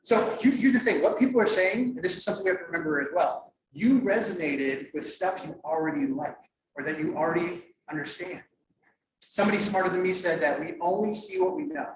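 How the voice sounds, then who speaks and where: Middle-aged man, conference presenter, slightly high voice, jokey and lively, echoey room, mic far away, faint hiss. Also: fairly quick. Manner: lively, joking, quizzes the audience. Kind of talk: interactive workshop talk.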